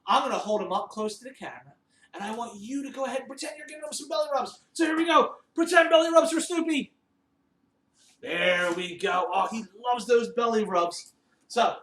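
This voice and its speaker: Animated man teaching kids music. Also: sits high. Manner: animated, sing-song directions. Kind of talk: children's music lesson. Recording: roomy echo, distant mic, faint noise.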